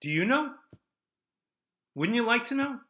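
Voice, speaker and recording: A man's voice: very high voice, measured pace. Brash older male podcast host. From United States. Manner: combative, rhetorical, lively ups and downs. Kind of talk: opinion podcast monologue.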